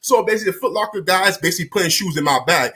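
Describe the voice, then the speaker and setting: Young man, high bright voice, animated slangy storyteller who swears freely. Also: rapid-fire. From Miami, Florida. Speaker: storytime vlogger. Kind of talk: casual storytelling to camera.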